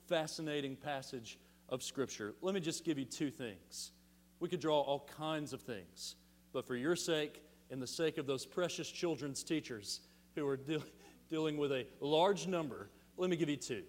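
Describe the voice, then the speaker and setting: Man preaching in a reverberant church. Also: mid-range voice. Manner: animated preaching with rhetorical questions and emphatic pauses. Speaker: pastor. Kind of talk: sermon. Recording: long hall reverb.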